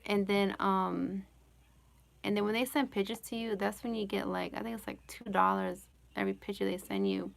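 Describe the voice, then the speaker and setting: Her mid-range voice has lively intonation and vocal fry, moving at a normal speed. Hosting a relaxed live Q&A from home, she answers chat with rambling "like"s and "you know"s and giggles often.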